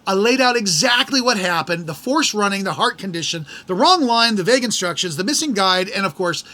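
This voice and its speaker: A middle-aged American podcast host tells his story with lively exasperation. His voice sits high for a man and rings bright and forward. He slips in quick impressions of the people he met. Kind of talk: casual storytelling.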